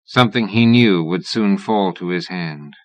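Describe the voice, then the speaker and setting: A man reading a horror novel aloud as an audiobook narrator, in a measured, even-toned way. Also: deep voice, dry recording.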